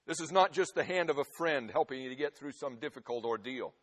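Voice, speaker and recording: A man preaching a sermon, swinging from loud, forceful emphasis to hushed, quiet passages. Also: mid-range voice, lively intonation, brisk. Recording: long hall reverb.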